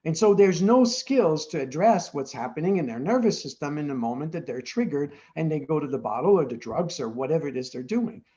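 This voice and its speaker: A man's voice: a little high, animated, brisk, hardly any pauses, mellow, lo-fi sound. A man being interviewed as the founder of an addiction treatment center, explaining earnestly and often checking in with "right?".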